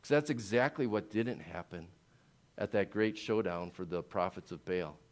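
Male pastor, mid-pitched, sermon delivery that swings from hushed and slow to loud and rising. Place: church.

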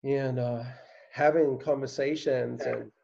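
A man, a pastor, interviewing a church member in a gentle, searching way with many conversational fillers. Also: medium pitch, fairly even intonation, takes it slowly, vocal fry, dull audio.

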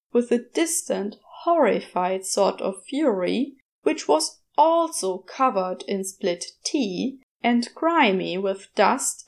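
Slow, expressive woman narrating a story. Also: on the high side, vocal fry. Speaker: fan fiction reader.

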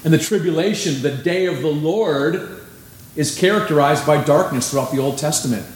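A man preaching a sermon as pastor, conversational and animated, with sudden emphasis. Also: a little high, normal speed. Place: church sanctuary. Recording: echoey room, faint ambience.

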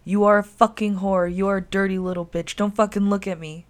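A woman voicing an enraged, brutal man who shouts and curses at his captive. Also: medium pitch, level tone, fairly quick, natural voice. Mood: snarling. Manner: shouting, cursing.

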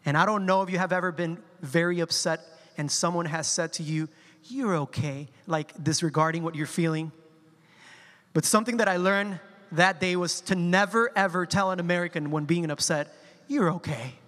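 A man from Colombia with a Spanish accent, preaching a sermon and telling stories with slow, emphatic quotes. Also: sits high, fairly even intonation, a bit bright, long reverb tail. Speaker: pastor.

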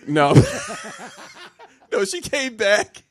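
A man's voice: high-pitched, wildly swooping pitch, drawn-out words. A man telling a comic personal story on a podcast, laughing a lot and restarting his sentences. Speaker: podcast co-host. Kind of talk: comedic storytelling chat.

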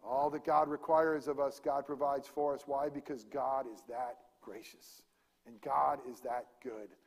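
A man preaching a sermon, swinging from loud emphasis to hushed near-whispers. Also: medium pitch, fairly even intonation, unhurried, gravelly, long reverb tail. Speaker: pastor.

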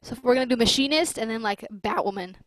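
A woman's voice: a little high, animated, quick pace, a bit bright. A young woman in casual chat, slangy and profane, with lots of "like". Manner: slangy, swears freely, many likes.

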